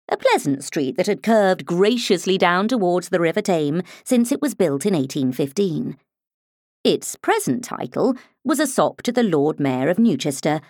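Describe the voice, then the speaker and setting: A woman reading a crime novel as an audiobook, in an expressive storytelling manner. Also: lowish voice, no echo, clean studio sound. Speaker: audiobook narrator. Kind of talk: scripted narration.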